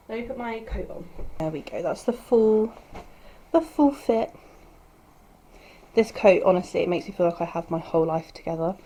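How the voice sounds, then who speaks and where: Young woman, casual vlogger, mellow and warm, chatty with lots of ums. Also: mid-range voice, normal speed, pauses often, a little hiss or hum, poor audio. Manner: chatty, rambling, with filler words. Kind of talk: casual vlog chat.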